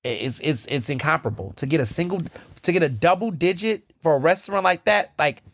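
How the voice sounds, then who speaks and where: A man hosting his own podcast, chatting casually and animatedly, telling stories with lively, high-pitched quoted asides. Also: a little fast, no echo. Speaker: podcast host. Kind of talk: casual solo chat.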